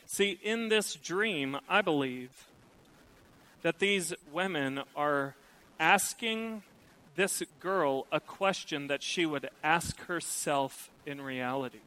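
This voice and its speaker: A middle-aged man preaching a sermon, lively and acting out the voices he quotes. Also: fairly high pitch, takes it slowly, poor audio. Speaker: pastor.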